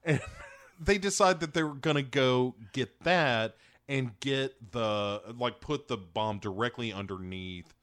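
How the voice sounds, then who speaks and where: A man co-hosting a podcast, recapping a film in casual, animated chat and acting out lines in quick voices. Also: mid-range voice, dry recording. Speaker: podcast co-host.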